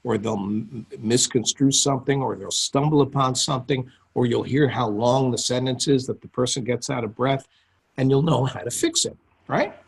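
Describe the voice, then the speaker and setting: A man's voice: mid-range voice, moderate pace, gravelly, husky. A man teaching copywriting on a group call, talking conversationally and often checking in with his listeners. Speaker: copywriting coach. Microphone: call audio.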